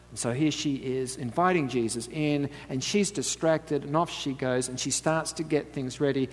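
A man delivers a relaxed, conversational sermon, mixing storytelling with light asides and frequent chuckles. He keeps drawing the audience in with quick questions. The sound has a long reverb, like a large church hall. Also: medium pitch, slightly rough. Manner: chatty, asks the audience "right?", laughs often. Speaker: preacher.

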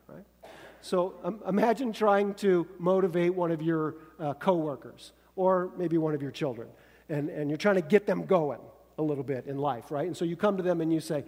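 A man's voice: high voice, fairly quick, darkish tone, big-room sound. A man preaching a conversational sermon, often checking in with his listeners by asking "right?". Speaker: pastor.

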